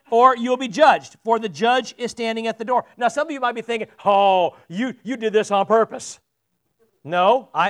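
A man's voice: very high voice, a bit bright. A man preaching a sermon as pastor, chatting with the congregation and putting questions to them. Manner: conversational, asks the congregation questions. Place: church sanctuary.

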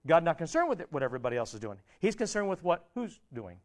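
A man preaching a sermon as pastor, asking the congregation questions and dropping his voice low at the ends of phrases. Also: big pitch swings, fast talker. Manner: asks the congregation many questions, conversational preaching.

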